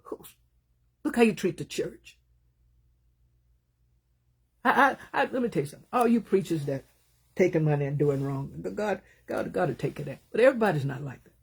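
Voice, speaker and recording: A woman preaching a sermon, talking with passion and emphasis, rising into loud bursts and then dropping to hushed, low asides. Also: animated, moderate pace, vocal fry, pauses often, breathy edge.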